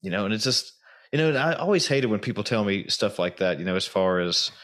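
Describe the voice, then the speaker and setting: Brief: relaxed male host, lowish voice, encouraging tone. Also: brisk. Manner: encouraging, relaxed, many you-knows. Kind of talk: casual chat.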